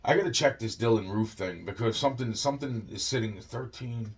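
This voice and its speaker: A man's voice: mid-range voice, a little fast. A young man telling a long rambling story, swearing constantly and looping on filler phrases. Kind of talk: rambling monologue.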